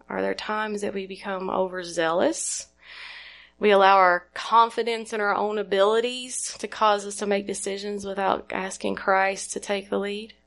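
A woman's voice: mid-range voice, vocal fry. A woman preaching a sermon in an earnest way, putting questions to her listeners and retelling scripture.

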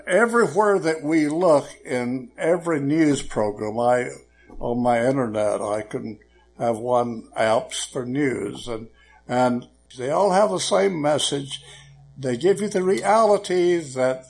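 Slow gravelly folksy preacher man. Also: mid-range voice. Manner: unhurried, joking, with frequent fillers. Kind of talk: folksy sermon storytelling.

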